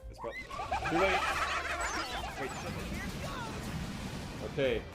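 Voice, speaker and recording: A man's voice: medium pitch, lively intonation, very slow, over loud music. A man live-streaming a video game, drawling crude jokes at his chat and breaking into sudden yelps.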